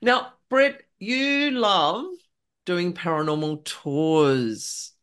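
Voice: medium pitch, sing-song, extremely slow, fairly bright tone, smooth. A host asking a guest questions in an enthusiastic, chatty way. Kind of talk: interview questions.

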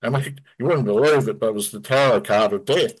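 A man's voice: mid-range voice, fairly quick, breathy edge, rough recording. Australian man telling a ghost story. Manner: vivid storyteller who acts out quotes. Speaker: guest. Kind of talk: casual storytelling.

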